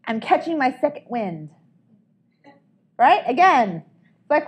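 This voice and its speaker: A woman's voice: sits high, sing-song, unhurried, long pauses. A woman giving an upbeat training talk to a group, coaching them and often checking in with "right?". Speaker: sales trainer.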